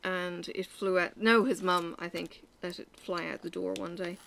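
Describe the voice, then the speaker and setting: A woman's voice: on the low side, flat delivery, moderate pace, creaky, a bit bright, slight background noise. A woman from Ireland with an Irish accent, chatting casually and telling rambling stories while she stitches for her crafting vlog. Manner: rambling, chatty storytelling with frequent fillers. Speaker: crafting vlogger.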